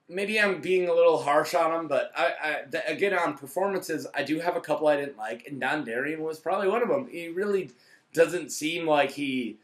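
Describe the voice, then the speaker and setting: Profane, bright-voiced male reviewer. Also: a little high. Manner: profane and blunt, rambling with restarts. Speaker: TV episode reviewer. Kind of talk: casual rant-style review.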